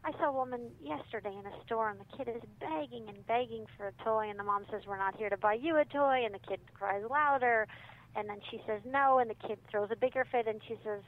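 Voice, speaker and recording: A woman's voice: on the high side, a little fast. A woman, a parenting author, chatting casually in an interview and acting out what parents and kids say. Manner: animated, acts out quoted parents and kids. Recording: phone-line audio with faint noise.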